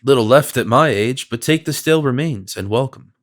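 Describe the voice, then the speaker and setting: A man voicing a feeble, suspicious old male miser with a squeaky, cracked voice, racked by a violent cough. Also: fairly quick, close to an everyday voice.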